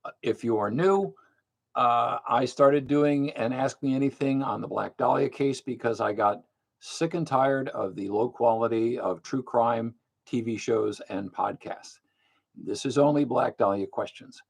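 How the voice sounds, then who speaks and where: A man's voice: mid-range voice, unhurried, gravelly, husky. An older man hosting a monthly live question-and-answer stream, talking bluntly and matter-of-factly, with frequent fillers. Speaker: livestream host. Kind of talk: casual live Q&A talk.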